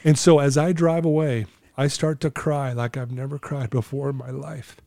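Mellow-voiced man telling his story. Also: mid-range voice, level tone, normal speed, creaky, no room sound. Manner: earnest, emotional storyteller who laughs easily. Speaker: recovery coach and podcast guest. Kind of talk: personal storytelling in a podcast interview.

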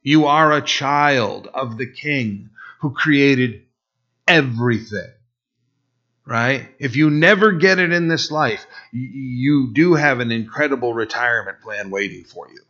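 A middle-aged man preaching in a casual, storytelling way, animated and acting out what people said, with many restarts. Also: mid-range voice, a little slow. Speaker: pastor. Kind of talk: conversational sermon with personal story. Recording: dull, slightly lo-fi sound.

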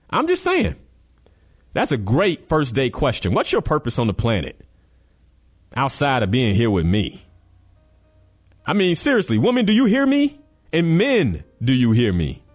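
A man hosts a motivational radio talk show with real emphasis, speaking straight to his listeners. He drives his points home in a preachy way, his pitch rising and falling a lot.

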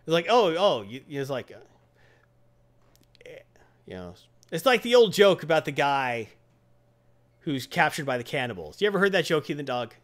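A man chats his way through a comic book review, with a lively voice that rises and falls a lot. He rambles, doubles back and acts out characters when he tells a joke. His voice sits a little high for a man. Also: normal speed, long pauses. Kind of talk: casual review chat.

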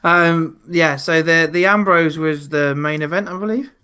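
A man's voice: on the high side, normal speed, pushed and bright, clear, resonant tone. A man co-hosting a casual podcast, recapping shows and often breaking into laughter. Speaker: podcast co-host. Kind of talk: casual chat.

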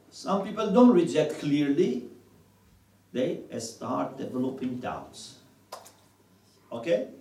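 A man's voice: high voice, roomy sound, distant mic, poor audio. A man teaching a religious class, quoting scripture in Arabic and asking his students questions. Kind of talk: classroom lecture.

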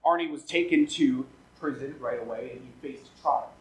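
A man preaching a sermon, animated and acting out quoted voices as he goes. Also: mid-range voice, moderate pace, a little hiss or hum, low-quality recording. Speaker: pastor.

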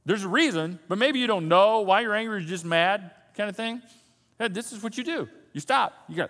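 A man preaching a sermon as pastor, animated, swinging from loud emphasis to soft, low asides. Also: a little fast, long reverb tail. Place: church sanctuary.

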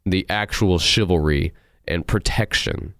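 A man hosting a movie review show, ranting in an animated, sarcastic and incredulous way. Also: deep voice, measured pace, no echo, studio quality. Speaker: host.

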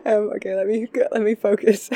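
A woman's voice: medium pitch, little pitch movement, fairly quick, mellow, no room sound. Host: woman, thoughtful interviewer, close and dry. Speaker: podcast host. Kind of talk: interview conversation.

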